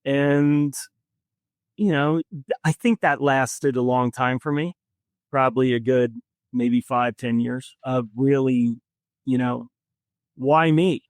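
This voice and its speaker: Guy on a podcast telling his story, earnest, kinda reflective, lots of pauses, mid voice, dry close mic. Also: mid-range voice, no echo. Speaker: podcast guest. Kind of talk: personal storytelling in conversation.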